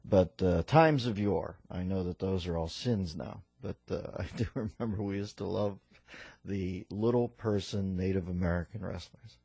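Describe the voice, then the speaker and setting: A man's voice: deep voice, normal speed, gravelly, dark tone, husky, no echo. A middle-aged man hosting a radio talk show, rambling and wisecracking through casual comic banter in a studio. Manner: wisecracking, rambling, full of pop culture references. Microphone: studio microphone.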